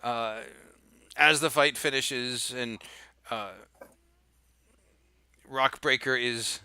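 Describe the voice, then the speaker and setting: Young guy gm telling the scene slowly, bright clear voice, dry sound. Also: mid-range voice, steady tone, no echo. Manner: descriptive storytelling with fillers. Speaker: game master. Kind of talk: narrating a tabletop game.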